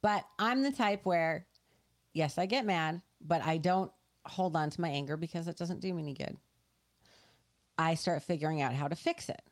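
Lower-voiced woman earnestly explaining things. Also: normal speed. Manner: earnest, explanatory, talks it through with restarts. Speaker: podcast co-host. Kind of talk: casual podcast chat.

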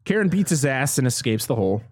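Casual male co-host, animated delivery, profane and jokey, dry close sound. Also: medium pitch, quick pace, no room sound. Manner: profane, laughing, quotes characters. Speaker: podcast co-host. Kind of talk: casual movie recap chat.

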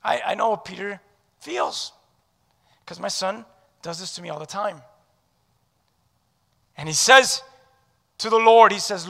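A male pastor preaching with a high, bright, forceful voice that swings from loud declarations to hushed words. He draws the congregation into call-and-response. His sermon rings out with a long hall reverb. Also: measured pace, vocal fry, long pauses. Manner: leads the audience in call-and-response.

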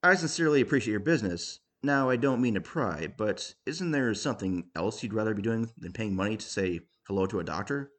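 A man voicing a falsely cheerful male doctor who talks in a bright, sing-song way. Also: fairly low pitch, expressive, a little fast, hardly any pauses. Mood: chirpy.

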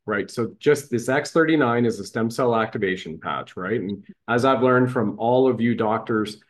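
A man's voice: medium pitch, moderate pace. A man hosting a podcast interview, effusive and full of praise, often restarting his sentences. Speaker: show host.

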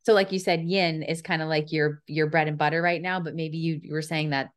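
A woman podcaster and yoga teacher talks in a relaxed, chatty way. Her voice sits a little low, and she rambles with earnest enthusiasm. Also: fairly quick. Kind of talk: casual conversation.

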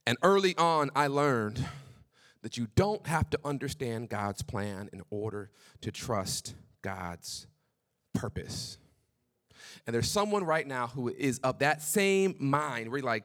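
A young man preaching a sermon, swinging between quick, animated stretches and hushed, slow lines. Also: sits high. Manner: animated preaching, drops to hushed tones for God's words. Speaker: pastor.

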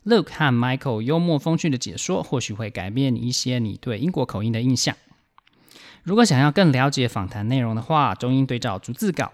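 A man hosting a podcast, explaining a topic in a measured way and asking interview questions. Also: mid-range voice. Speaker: podcast host.

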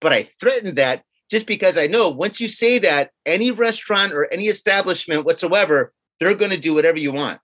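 A man's voice: sits high, a little fast, few pauses. A man co-hosting a podcast, telling a story casually and acting out what others said, with some swearing. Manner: animated, acts out quotes of others with swearing. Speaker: podcast co-host.

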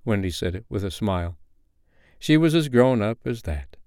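A man reading a bedtime story aloud in an expressive, gentle storytelling manner. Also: deep voice, normal speed, no echo, studio quality.

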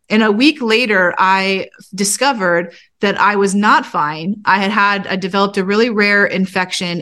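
A woman's voice: mid-range voice, a bit bright. A woman in her thirties, a pastor and author, telling her personal testimony as a podcast guest in an earnest storytelling way, acting out her own prayers with rising emotion.

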